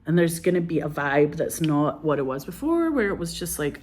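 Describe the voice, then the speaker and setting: A low-pitched woman in her forties, talking as a film director in an interview. She tells her stories with energy, swears casually and slips into other people's voices. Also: moderate pace. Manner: animated, profane, acts out quotes. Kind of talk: candid interview storytelling.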